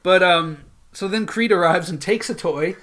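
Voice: mid-range voice, normal speed, background noise. A podcast co-host in casual chat, retelling a TV episode and laughing often along the way.

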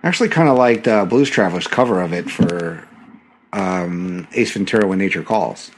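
A man's voice: low-pitched, moderate pace. A man hosting a podcast, chatting casually and giggling while rambling about a film. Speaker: podcast host. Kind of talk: casual chat watching a film.

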